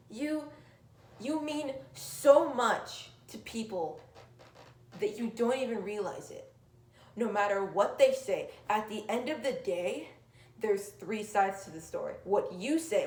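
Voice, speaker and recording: A woman giving an earnest, emphatic motivational talk that swings from loud urging to soft, near-whispered lines. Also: on the high side, reverberant. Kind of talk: motivational monologue.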